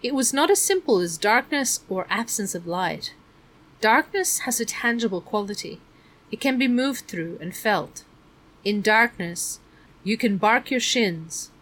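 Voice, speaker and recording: A woman narrating a children's novel in a measured, expressive reading. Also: fairly high pitch. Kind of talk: audiobook narration.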